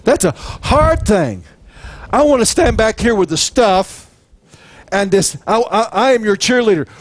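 A man preaching a sermon, animated and chatty, acting out little scenes and chuckling between points. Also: high-pitched, a little slow, no room sound. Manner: animated, jokes and acts out quotes. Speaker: pastor.

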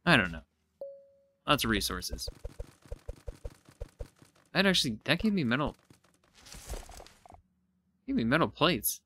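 A man giving casual let's-play commentary, excitable and thinking aloud as he explores, now and then poking fun at himself. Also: medium pitch, slow, pauses often, slight background noise. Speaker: gaming YouTuber.

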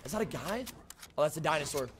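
A young man streaming a shooter game live, chatting casually with his viewers and greeting them by name, with excitable outbursts during fights. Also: a little high, fast, slightly rough. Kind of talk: casual live-stream chat while playing.

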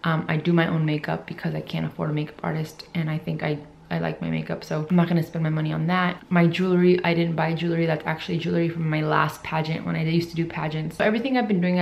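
A woman's voice: sits low, creaky, a little mellow, a little hiss or hum. A young woman vlogging casually to camera about her fitness competition, chatty and emotional.

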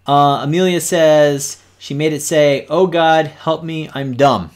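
A man's voice: fairly high pitch, steady tone, takes it slowly. A man teaching kids to code on a live stream, explaining patiently step by step and talking straight to the viewers. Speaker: teacher hosting a coding stream.

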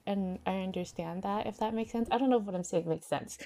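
A young woman livestreamer speaks fast in a warm, medium-pitched voice, rambling casually with lots of fillers. She greets her chat, reads messages aloud, and at times sounds close to tears.

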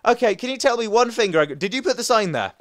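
A man hosting a casual let's play, chatting excitedly to his viewers and his pets. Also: sits high, fast talker, dry recording, studio quality. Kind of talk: casual game commentary.

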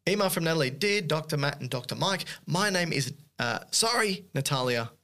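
A man co-hosting a casual podcast, teasing his co-host and reading listener emails aloud with quick asides. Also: on the high side, animated, sharp tone.

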